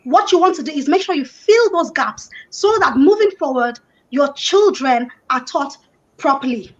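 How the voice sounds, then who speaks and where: A woman from Nigeria with a Nigerian accent, a panel guest who explains her views in a measured way, often saying "you know". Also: high voice, lively intonation, lo-fi sound. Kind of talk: online panel discussion.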